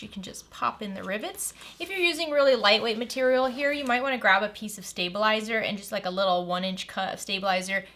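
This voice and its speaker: A medium-pitched woman's voice, heard over background noise, narrates a step-by-step sewing tutorial. As a sewing instructor, she's friendly and practical, walking the viewer through each stage.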